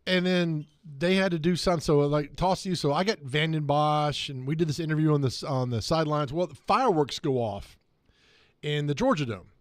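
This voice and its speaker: A man hosting sports talk radio, telling animated anecdotes and laughing as he goes. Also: fairly high pitch, fairly quick, dry recording, studio quality. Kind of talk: casual sports talk storytelling.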